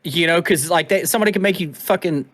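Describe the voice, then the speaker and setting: A young adult man co-hosting a podcast, talking in a rambling, animated way with casual swearing. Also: fairly high pitch, fast, dry recording. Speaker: podcast co-host. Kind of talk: casual chat.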